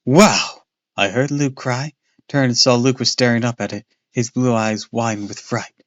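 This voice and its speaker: A man's voice: mid-range voice, moderate pace, fairly bright tone, no room sound, dull audio. A man streaming himself reading a children's horror novel aloud, laid-back and casual, tripping over a word now and then and backing up. His voice sits mid-range and sounds dry and close to the mic. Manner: casual reading with slips and restarts.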